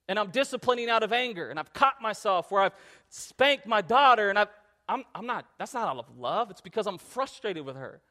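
Guy preaching a sermon, earnest, gets loud and emphatic, kinda high voice. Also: very animated, a little fast. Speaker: pastor.

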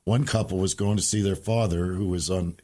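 Give me a man with a low voice sharing heartfelt, rambling stories as a podcast guest. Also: fairly even intonation, a little fast, dark tone. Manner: folksy, rambling, emotional storyteller. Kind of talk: casual storytelling chat.

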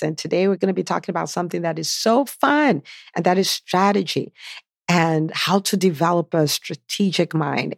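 Enthusiastic woman podcast host, gravelly. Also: lowish voice, no room sound, studio quality. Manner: enthusiastic, animated storytelling with repeated questions. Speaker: podcast host and physician business coach. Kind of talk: solo podcast monologue.

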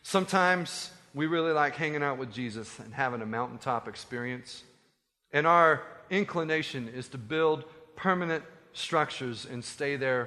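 Bright-voiced animated preaching man. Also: mid-range voice, in a large hall. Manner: animated, conversational, joking asides. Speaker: pastor. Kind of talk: sermon.

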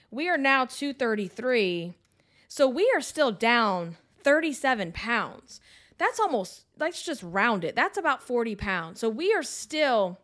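A woman in her thirties hosts her own podcast into a close microphone, speaking in a fairly high voice. She vents openly and curses freely, talking directly to her listeners like friends. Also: fairly bright tone. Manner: frank, profane, talks straight to listeners. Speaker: podcast host. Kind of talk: venting solo podcast talk.

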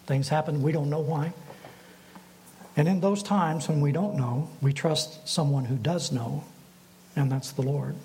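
A man with a somewhat high voice delivers a sermon at an even, deliberate pace. He asks his listeners questions and lets them sit. A light background hiss runs under the recording. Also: poor audio. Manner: measured preaching with rhetorical questions. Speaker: pastor.

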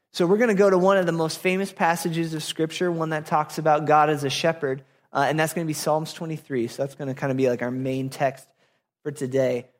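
A young man preaching a sermon in a casual, conversational way, with frequent fillers. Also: fairly high pitch. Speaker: pastor. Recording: long hall reverb.

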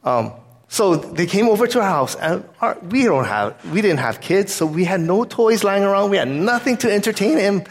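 An earnest man preaches a sermon in a slightly raised voice. His delivery is conversational and relaxed, and he drifts easily into telling a personal story before returning to his point. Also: sits high, moderate pace. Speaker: pastor.

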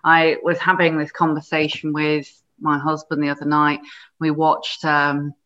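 A woman hosting a podcast interview, chatty and animated as she tells a story. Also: deep voice, a little slow. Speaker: podcast host. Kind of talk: conversational interview. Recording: muffled lo-fi audio.

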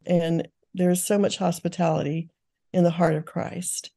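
A woman's voice: fairly low pitch, little pitch movement, unhurried, dark tone. An older woman, a guest author, giving earnest, teaching answers in an interview, with frequent restarts.

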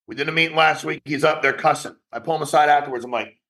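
A man who founded a company, giving a blunt, profane motivational talk to his sales agents in an online meeting, rapid-fire and challenging. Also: fairly high pitch, a bit bright.

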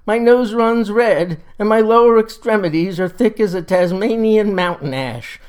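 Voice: medium pitch, normal speed, darkish tone, clean tone, pitched above the performer's own voice, close to an everyday voice. A sickly, miserable old drunk pleading in a weak, woeful voice, as a storyteller plays him. There's little strength behind his words, only a plaintive whine.

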